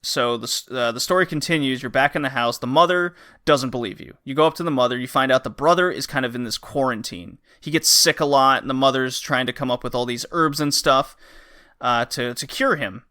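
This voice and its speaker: A man's voice: mid-range voice, a little fast, pushed and bright. A man hosting a podcast who chats casually about a game, rambling and acting out the characters' lines. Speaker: podcast host. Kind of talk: casual game review chat.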